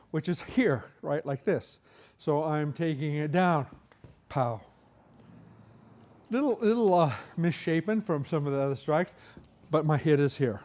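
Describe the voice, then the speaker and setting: A man's voice: a little high, darkish tone. A middle-aged man teaching a martial arts seminar, talking through each move as he demonstrates and checking in with "right?". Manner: talks through moves while demonstrating, frequent "right?" checks. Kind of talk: hands-on seminar instruction.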